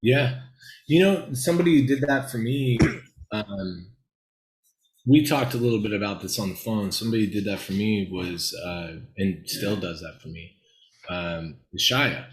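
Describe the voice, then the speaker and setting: A man's voice: lowish voice, unhurried, reverberant, a little hiss or hum, low-quality recording. A man from Los Angeles, a guest screenwriter, telling candid, rambling stories in an interview. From Los Angeles, USA. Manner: animated, rambling, laughs while telling stories.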